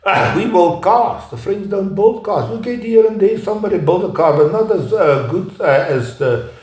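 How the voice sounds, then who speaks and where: A man with a somewhat raised pitch lectures off the cuff, stopping often to search for words and restarting his sentences. His voice rings around a reverberant room. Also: lively intonation, darkish tone. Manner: halting, with frequent "uh" pauses and restarts. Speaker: speaker giving a talk. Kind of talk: unscripted lecture. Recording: echoey room.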